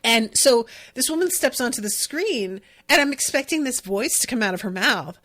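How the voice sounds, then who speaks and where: A woman's voice: a little high, animated, moderate pace, a bit bright. A young woman hosts a casual podcast recap. She talks in a loose, rambling way, full of fillers and restarts. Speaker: podcast host.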